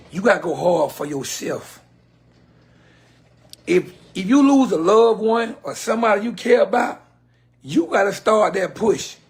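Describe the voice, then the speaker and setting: A man giving an emphatic, preachy motivational talk on a live stream. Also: sits high. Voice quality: very husky.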